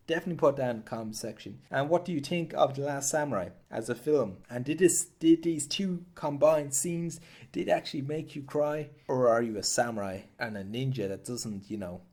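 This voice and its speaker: Rambling, slangy man recapping a film. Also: medium pitch. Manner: rambling, slangy, repeats himself. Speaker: host of a film commentary series. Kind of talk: casual comedic film recap.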